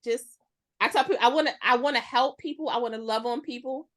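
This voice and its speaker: A woman in her forties, her voice a little high and her speech fast, chats casually as a podcast guest. She's an animated storyteller who acts out the voices in her stories.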